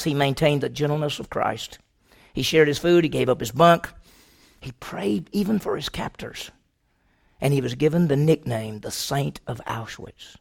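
A man preaching a sermon to a congregation, telling a story dramatically, moving from loud questions to hushed, slow passages. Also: on the high side. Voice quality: gravelly.

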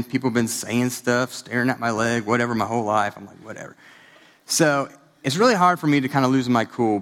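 A man in his thirties giving a sermon, telling a story in a conversational way, with animated bursts. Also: mid-range voice. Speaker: pastor. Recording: long hall reverb.

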